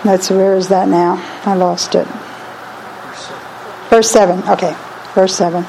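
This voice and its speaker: A woman's voice: mid-range voice, level tone, unhurried, gravelly, pauses often, dark tone, a little hiss or hum, low-quality recording. Woman reading scripture aloud. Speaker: scripture reader.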